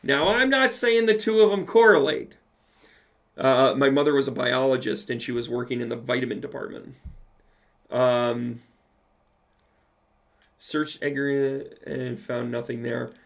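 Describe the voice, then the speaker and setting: A man with a gravelly, creaky voice at an ordinary middle pitch hosts a loose livestream Q&A. He reads viewers' comments aloud and chats back to them with quick, playful asides. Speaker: medium answering live chat questions. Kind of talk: casual livestream Q&A.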